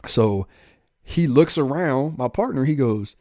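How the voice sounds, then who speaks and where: A young police officer telling his own life story, candid and animated, acting out the dialogue with street slang. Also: medium pitch, a little slow, no echo, studio quality.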